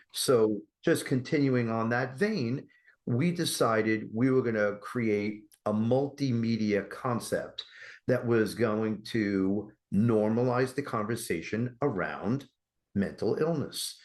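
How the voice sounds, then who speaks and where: A man talking as a guest on an interview podcast, energetic and persuasive, often asking rhetorical questions. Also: lowish voice. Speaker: guest, mental health campaign creator.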